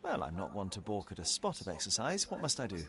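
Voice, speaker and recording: An actor playing a polite, composed gentleman detective in a game. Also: sits low, huge pitch swings, fast talker, creaky, full character voice. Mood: courteous.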